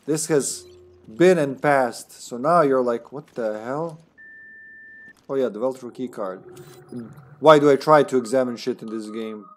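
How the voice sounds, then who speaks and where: A man's voice: mid-range voice, soft background music. Chatty man streaming a game. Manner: chatty, laughs often, tired but talking fast. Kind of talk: casual live-stream commentary.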